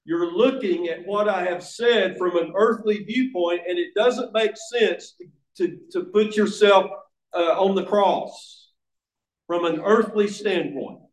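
A preacher delivers a sermon slowly, earnest and emphatic, restarting a phrase now and then. His voice sits a little high for a man, and the recording carries the echo of a roomy church sanctuary.

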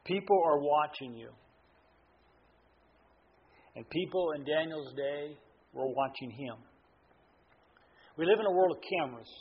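A man's voice: fairly high pitch, animated, unhurried, pauses often, husky. A man preaching a sermon, telling stories in a folksy way with many fillers and restarts. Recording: dull lo-fi sound with faint room noise.

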